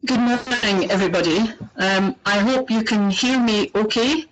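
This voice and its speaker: A Scottish woman presenting a webinar over a poor computer microphone. She speaks in a friendly, halting way, with plenty of ums and uhs, at a middle pitch. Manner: friendly, hesitant with fillers. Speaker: executive director of a parks network. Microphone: computer microphone on a web call.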